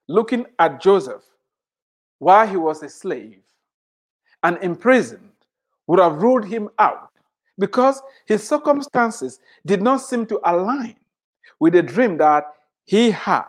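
A preacher delivering a fervent sermon, voice leaping high and dropping low as they drive each point home. They repeat key phrases and pile up rhetorical questions to press the congregation. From immigrant to the United States.

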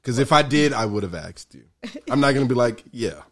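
A man's voice: mid-range voice, lively intonation, fast talker. A young man, chatting casually with friends, laughing a lot and acting out quotes. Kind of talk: casual group chat.

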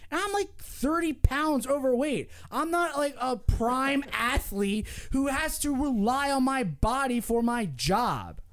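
A man's voice: very high-pitched, big pitch swings, unhurried, few pauses. A man hosting a casual sports podcast, ranting with profanity and animation. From Philadelphia area. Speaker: podcast host.

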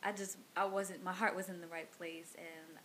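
A woman's voice: lowish voice, level tone, normal speed, a bit bright, a little hiss or hum. A woman co-hosting a casual faith talk, earnest and agreeable, quoting scripture. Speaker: co-host.

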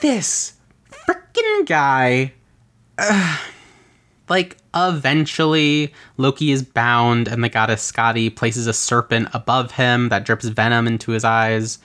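A podcast host explaining a game character build, telling the backstory with exasperated asides and casual swearing. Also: mid-range voice. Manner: animated, exasperated storytelling with quick asides; casual swearing and filler words.

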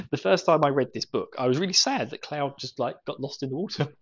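A man's voice: fairly high pitch, animated, a little fast, a bit bright, husky, highs cut off. A man hosting a podcast in casual chat, laughing often as he talks. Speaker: podcast host.

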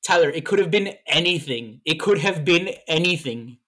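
A man's voice: a little high, lively intonation, moderate pace, a bit bright. Playful man co-hosting a casual podcast. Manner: playful storyteller, teasing, trips over fillers. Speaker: podcast co-host. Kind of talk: casual chat.

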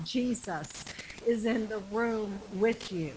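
A woman preaching a sermon with passion, repeating phrases and shouting the climactic lines. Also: fairly high pitch, a little slow, background noise.

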